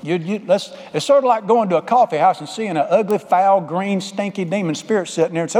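A man's voice: sits high, a little fast, few pauses, a little mellow. A man preaching a folksy, emphatic sermon, calling out to the congregation for amens. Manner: call-and-response, folksy and emphatic. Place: church sanctuary. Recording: long hall reverb.

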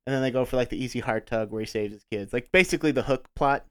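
A man co-hosting a podcast, chatting in an animated way and laughing often. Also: mid-range voice, fast, clear, resonant tone, no echo, clean studio sound. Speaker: podcast co-host. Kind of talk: casual chat.

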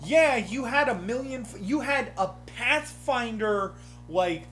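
Animated swearing game master. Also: male voice, extremely high pitch, slow pace, slight background noise. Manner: animated, acts out table dialogue, swears. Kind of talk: casual chat.

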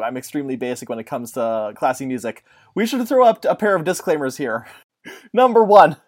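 Casual podcast host, playful, tends to drift into silly put-on accents. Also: male voice, a little high, a little mellow. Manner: jokey, puts on mock accents.

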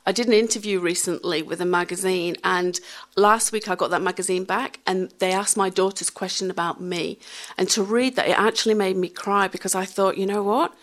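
Lively, laughing woman in her fifties. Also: mid-range voice, fairly quick. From England. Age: 50s. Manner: lively, laughs often, animated storyteller. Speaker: interview guest. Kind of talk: candid storytelling in a radio interview. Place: radio studio.

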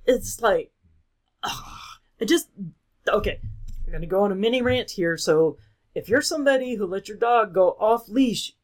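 A woman's voice: medium pitch, expressive, normal speed. A woman co-hosting a casual chat, ranting and swearing freely as she tells a story.

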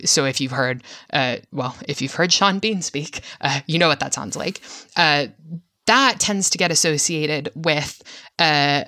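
Bright, dry-sounding podcast host. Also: medium pitch, no echo. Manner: hesitant, many filler sounds, frank with casual swearing. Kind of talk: solo film-analysis podcast monologue.

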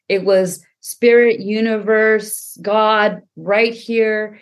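Woman guest, earnest storyteller, repeats for emphasis, mid-pitched voice. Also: fairly even intonation, slow pace, hardly any pauses. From Punjabi family. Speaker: podcast guest, healer. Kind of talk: casual conversation.

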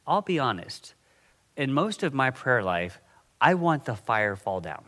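A middle-aged man preaching a sermon in a conversational, animated way, often checking in with his listeners. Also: mid-range voice, unhurried. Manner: conversational, animated, frequent "okay?" and "right?" check-ins. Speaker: pastor.

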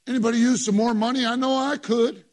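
A man's voice: extremely high pitch, steady tone, fast talker, darkish tone. A man preaching a sermon in church, working the congregation with emphatic call-and-response and short repeated phrases. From New York. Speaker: pastor.

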